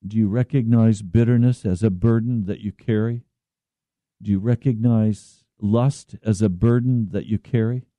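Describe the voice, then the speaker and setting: A man preaching a slow, earnest radio sermon as pastor, at times pleading in prayer. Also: fairly low pitch, steady tone, no echo, muffled recording.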